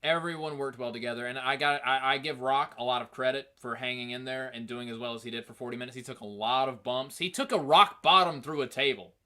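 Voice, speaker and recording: A man hosting a casual review show, talking in an animated, rambling, profane way. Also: mid-range voice, fast talker, hardly any pauses. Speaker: host.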